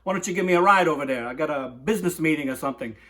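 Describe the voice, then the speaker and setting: A man putting on a smooth-talking, scheming scorpion in a comic retelling of a fable. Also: fairly high pitch, rapid-fire, pushed and bright. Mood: wheedling.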